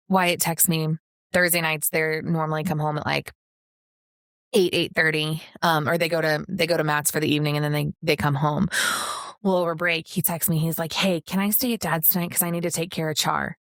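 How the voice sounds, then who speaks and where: Woman, lowish voice, rambling, casual podcast chat, dry sound. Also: little pitch movement, normal speed, fairly bright tone, dry recording. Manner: rambling, many fillers and restarts. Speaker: podcast co-host.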